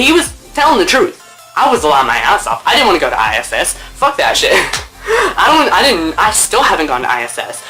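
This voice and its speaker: A man telling a story in a casual vlog, animated, laughing, and swearing freely. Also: fairly high pitch, poor audio. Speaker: vlogger.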